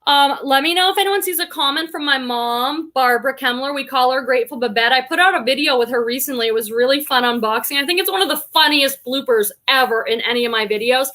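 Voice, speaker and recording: A woman's voice: sits high, quick pace, few pauses, bright, forceful tone. A middle-aged woman from the Boston area with a slight Boston accent, chatting casually on a livestream, reading out comments and greeting viewers by name. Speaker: livestream host, reseller.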